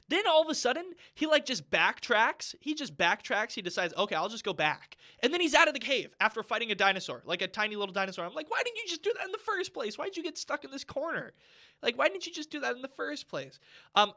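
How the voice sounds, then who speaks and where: A man's voice: sits high, bright, forceful tone. A man co-hosting a podcast, giving a rambling, emphatic casual movie review. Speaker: podcast co-host. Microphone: studio microphone.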